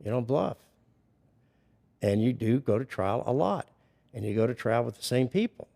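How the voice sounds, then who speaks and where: A man's voice: mid-range voice, lively intonation, moderate pace, creaky, dark tone. An older man, a veteran criminal defense attorney, explaining his views emphatically in a casual podcast chat.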